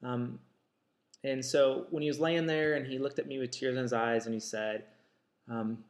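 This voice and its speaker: A man's voice: mid-range voice, fairly even intonation, moderate pace. Reflective man talking, echoey room. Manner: reflective, many ums and restarts. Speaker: author and counselor. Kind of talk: casual talk to camera.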